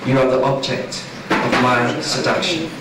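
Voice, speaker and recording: A man reciting his poetry in a measured, rhythmic way at a small club night, recorded from across the room. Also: medium pitch. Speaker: poet and host. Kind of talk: poetry reading. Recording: far-off echoey live room recording with background noise.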